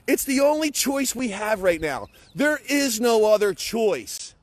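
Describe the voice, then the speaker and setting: Emphatic high-voiced man giving a pep talk. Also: sing-song, measured pace, no room sound. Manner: emphatic and blunt, with frequent swearing and repetition. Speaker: motivational vlogger. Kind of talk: impassioned pep talk to camera.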